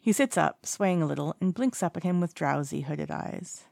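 A woman reading fiction aloud in calm, even storytelling. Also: low voice, normal speed, vocal fry, dry recording, studio quality. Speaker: narrator. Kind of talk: audiobook narration of fiction.

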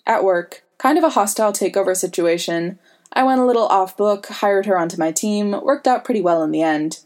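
A woman's voice: mid-range voice, brisk, darkish tone, close to an everyday voice. A woman voicing a wisecracking, protective grown man who teases and sometimes growls. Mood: teasing. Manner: wry, teasing, gruff at times.

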